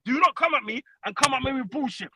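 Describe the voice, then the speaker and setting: A man calling in to a fan show, trash-talking loudly and profanely, peppering every line with tags like "you know what I'm saying". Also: very high-pitched, lively intonation, fast, noisy background. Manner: loud, profane trash talk with constant tags. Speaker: caller. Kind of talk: heated fan call-in rant.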